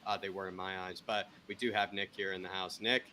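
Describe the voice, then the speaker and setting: A man's voice: deep voice, flat delivery, brisk, sharp tone, a little hiss or hum. A man co-hosting a live football watchalong, exasperated, exclaiming and repeating himself about the defending. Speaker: co-host. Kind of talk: live match watchalong commentary.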